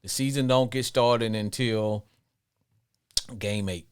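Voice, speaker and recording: A man's voice: lowish voice, slow pace, clean tone. A man hosting a sports talk show, chatting casually and repeating words while he thinks. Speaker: radio show host.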